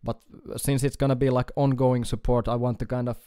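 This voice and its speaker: A man from Finland with a Finnish accent, chatting casually on a live stream with halting speech, fillers and chuckles. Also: mid-range voice, level tone, dark tone, smooth, dry recording, studio quality. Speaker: guitar YouTuber streaming.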